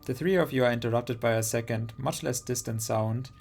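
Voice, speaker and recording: A man streaming a narrative game, reading its narration aloud and reacting with animated, joking comments. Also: mid-range voice, a little fast, vocal fry.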